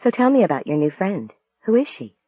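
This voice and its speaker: A man voicing a gentle wistful woman. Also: sits high, big pitch swings, a little fast, no echo, voice pushed up. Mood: curious. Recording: dry, tinny phone-like sound.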